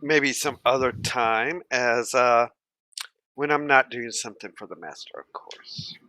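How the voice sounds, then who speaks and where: A man's voice: mid-range voice, a little slow, bright, forceful tone, dry recording. A man voicing a devoted female warrior who serves a master, speaking solemnly and dutifully in a tabletop game.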